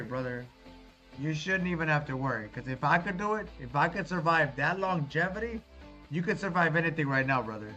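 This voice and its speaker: A man's voice: a little high, animated, normal speed, pushed and bright. Laid-back male streamer reading chat. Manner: laid-back, reassuring, calls viewers brother. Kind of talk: casual livestream chat. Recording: dull lo-fi stream audio with faint music.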